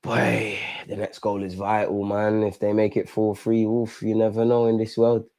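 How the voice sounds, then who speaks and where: A young man hosting a live football watch-along, animated and talking straight to the players and referee. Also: on the low side, moderate pace, no room sound, clean studio sound.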